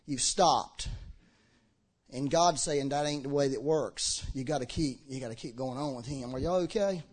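A man preaching a sermon to a congregation, impassioned, swinging between shouting and low, earnest talk. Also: moderate pace, husky. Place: church hall with a congregation.

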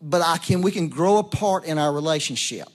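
A man's voice: on the high side, fairly quick. A middle-aged man preaching a sermon in a folksy, storytelling way, acting out quoted voices. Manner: folksy, storytelling, animated quoting. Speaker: pastor.

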